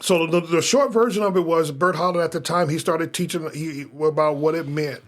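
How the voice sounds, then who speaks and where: A man's voice: fairly high pitch, a little fast. A man in his fifties from Omaha, a pastor earnestly telling his life story as a guest, with frequent restarts. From Omaha, Nebraska. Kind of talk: personal testimony in a podcast interview.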